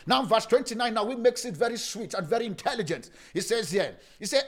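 A man preaching as pastor, emphatic, with sing-song phrasing, at times dropping into slow, hushed lines. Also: very high voice, very animated, slight background noise. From Africa. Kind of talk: sermon.

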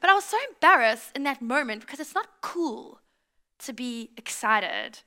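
A woman giving a lively, conversational sermon in church, acting out little quotes as she tells stories. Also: on the high side, moderate pace. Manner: animated storytelling with acted-out quotes. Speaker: pastor.

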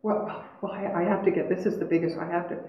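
A woman's voice: lowish voice, fairly even intonation, quick pace, lo-fi sound, slight background noise, pitched below the performer's own voice, close to an everyday voice. A woman playing a nervous, stammering female patient. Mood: anxious. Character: anxious, fretful female patient. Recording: echoey hall, heard from a distance.

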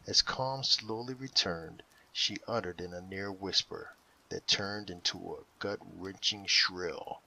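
A man with a very deep voice narrates a dramatic story. His tone is bright and forward, and his reading is measured and emotive. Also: vocal fry, rough recording.

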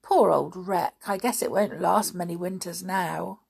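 A woman's voice: on the low side, fairly even intonation, measured pace, creaky, a little mellow, slightly rough, heavily acted. A woman reading the part of a small, eager youngest girl.

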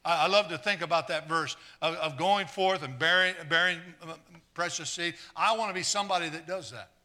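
A man preaching a live sermon, earnest and stumbling over repeated words, trading jokes with the congregation and swinging from quiet asides to fired-up exclamations. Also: on the high side, a little fast. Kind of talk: live sermon with audience volunteers.

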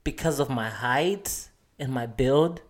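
A man's voice: medium pitch, takes it slowly. A man in his twenties from Malawi talks on a podcast in an easygoing, earnest way. He thinks aloud about himself and laughs easily as he goes. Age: 20s. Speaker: podcast co-host. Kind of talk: casual chat.

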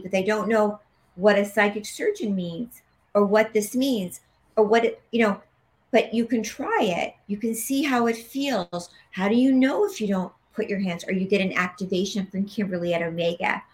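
A woman guest in an interview, an animated storyteller who acts out the dialogue she quotes. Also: medium pitch, normal speed. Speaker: guest, medical intuitive healer.

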